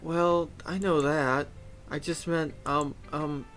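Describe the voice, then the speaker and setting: Guy putting on a shy bookworm girl, stammery and hesitant, a bit high. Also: fairly even intonation, slow, fairly bright tone, soft background music. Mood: nervous. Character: shy, nervous bookish teen girl.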